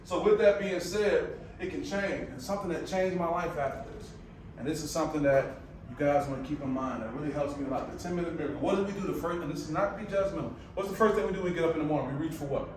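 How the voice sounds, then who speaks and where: A man's voice: on the high side, fast talker, slight background noise. Man with a Michigan accent, echoey room far off. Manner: conversational, animated storytelling with asides to the audience. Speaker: speaker presenting to a live audience. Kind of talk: motivational presentation. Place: room with a live audience.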